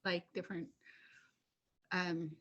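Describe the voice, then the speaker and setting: A woman's voice: lowish voice, flat delivery, slow pace, sharp tone, muffled recording. A woman student asking her teacher a rambling question in an online class, full of "like" and "I guess".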